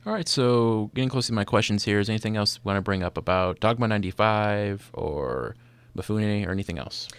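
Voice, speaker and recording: A man's voice: on the low side, fairly quick, clean tone, dry recording. A man hosting a casual film chat, talking loosely with lots of "like" fillers. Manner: chatty, full of "like" fillers. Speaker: podcast host.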